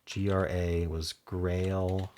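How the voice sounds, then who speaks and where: A man hosting a word-puzzle video, thinking aloud as he solves it, spelling out letters and trailing off softly, with keyboard typing behind him. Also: low-pitched, little pitch movement, drawn-out words, a little hiss or hum. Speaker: Wordle video host.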